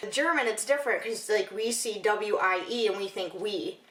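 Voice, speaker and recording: A woman's voice: medium pitch, moderate pace, fairly bright tone, low-quality recording. A young woman from Michigan with a Michigan American accent, rambling chattily through a casual home vlog with lots of "like" and "you know". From Michigan, USA. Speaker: vlogger.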